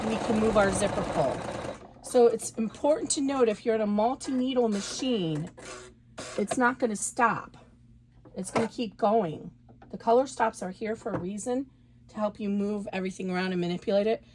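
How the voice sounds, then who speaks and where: Woman, sewing instructor, casual hands-on chat, mid-pitched voice, faint room noise. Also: darkish tone. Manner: chatty, self-correcting, talks while working. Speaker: embroidery instructor.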